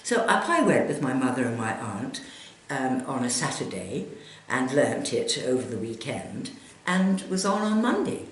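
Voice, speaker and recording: An older Scottish woman telling memories of her childhood and career in a chatty, animated way during an interview. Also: rumbling low, normal speed. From Scotland. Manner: animated storyteller, chatty and vivid. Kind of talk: recalling memories in conversation. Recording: very echoey room, faint noise.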